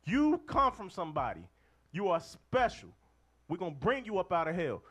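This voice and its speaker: Preacher guy, high voice that jumps all over, calling for verses and pushing the men hard. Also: very animated, normal speed, fairly bright tone, slightly rough. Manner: emphatic, calls for readings, call-and-response. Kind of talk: street-style sermon to a group of men.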